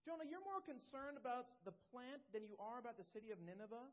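A woman's voice: on the high side, big pitch swings, fast talker. A woman preacher voicing God, reasoning earnestly with a sulking prophet through emphatic questions. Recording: dull lo-fi recording.

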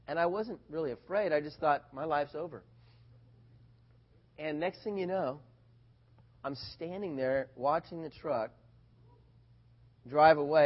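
A man preaching a sermon, telling a personal story in an animated, excited way and growing loud at its high points. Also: muffled recording. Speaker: pastor.

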